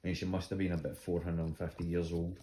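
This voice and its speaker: A man's voice: deep voice, little pitch movement, quick pace, noisy background. A Scottish man casually telling funny stories about his dog, laughing often. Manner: laughing often, acts out voices in anecdotes. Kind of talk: casual storytelling.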